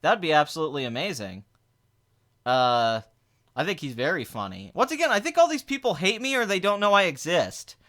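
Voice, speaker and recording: A man hosting a casual livestream, rattling off rambling, mock-boastful remarks at speed. His voice is bright and sharp, and his pitch swings widely as he talks. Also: huge pitch swings, a little fast. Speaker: podcast host.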